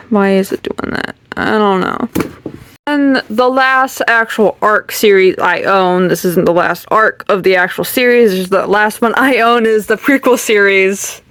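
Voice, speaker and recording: Slow-talking rambly young woman. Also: mid-range voice, a bit bright, clear, resonant tone, dry recording. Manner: chatty and rambling, giggling, trailing off with ums. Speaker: channel host. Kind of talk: casual bookshelf tour.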